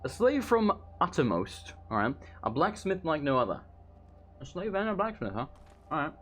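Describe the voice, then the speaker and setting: A man's voice: fairly high pitch, very animated, moderate pace, a bit bright, slightly rough. A man giving casual, rambling commentary over his own gameplay, chatting and swearing as he plays, with faint game music behind him. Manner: rambling and chatty, swearing, eating while talking. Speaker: let's play commentator.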